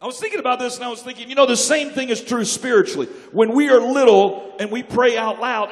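Guy preaching, jokey storyteller, high voice, sudden shouts, big reverb in the church. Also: quick pace, hardly any pauses. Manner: joking, animated storytelling with sudden loud outbursts. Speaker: pastor. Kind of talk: sermon. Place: church sanctuary. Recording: long church hall reverb.

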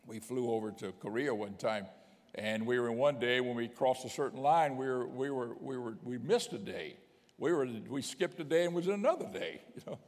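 A man's voice: mid-range voice, a little mellow. Male preacher in a reverberant hall. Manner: conversational preaching, reads scripture aloud, chuckles now and then. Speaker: bishop preaching. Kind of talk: sermon.

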